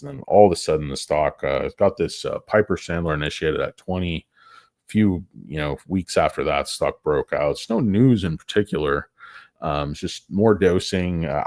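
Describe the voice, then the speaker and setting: Middle-aged male stream host, very low voice, dry close sound, rambling and crude. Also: no room sound. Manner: crude joking asides, tangents, loud bursts. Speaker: stock market livestream host. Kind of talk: rambling casual market commentary.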